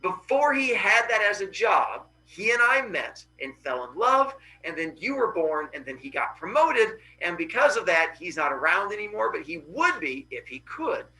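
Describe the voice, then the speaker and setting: A man's voice: high-pitched, very animated, moderate pace, few pauses, bright, forceful tone, full character voice, low-quality recording. A male teacher voicing a patient mother who reassures her son, in a classroom myth retelling. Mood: reassuring. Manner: reassuring, explaining. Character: patient mother of a teenage boy.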